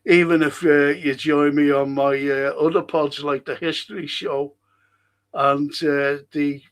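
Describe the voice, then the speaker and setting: A man's voice: on the high side, little pitch movement, measured pace, smooth. A middle-aged man, hosting a podcast and reading out viewer comments in a rambling, chatty way. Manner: chatty, rambling, frequent restarts and fillers. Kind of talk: casual livestream chat.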